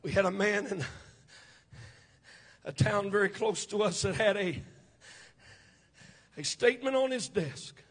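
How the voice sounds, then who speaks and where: A man's voice: sits high, animated, measured pace, pauses often, slightly rough. A man preaching a Pentecostal sermon, chanting his phrases with "uh" breaths between them.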